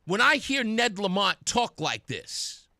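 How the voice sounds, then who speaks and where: A man's voice: high-pitched, very animated, slow pace, sharp tone, no echo. A young man hosting a talk radio show, delivering an emphatic, sarcastic opinion monologue into a studio microphone. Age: young adult.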